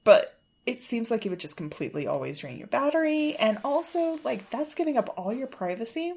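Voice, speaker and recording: A woman co-hosting a casual podcast, animated and sarcastic, swearing freely as she riffs. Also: fairly high pitch, a little fast, husky. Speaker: podcast co-host. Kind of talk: casual chat.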